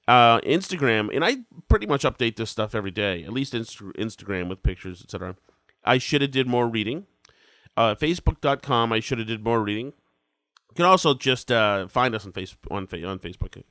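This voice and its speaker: A podcast host in his forties rambles through a casual episode, poking fun at himself while a head cold leaves him sounding congested. His mid-range voice is a bit bright, a little fast and lively in intonation, with no echo.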